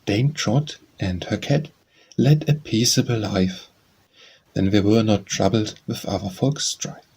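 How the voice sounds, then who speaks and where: A man with a somewhat low, husky voice reads nursery rhymes for an audiobook. He names each title and author, then recites in a measured sing-song. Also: darkish tone. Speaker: audiobook narrator. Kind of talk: reading nursery rhymes aloud.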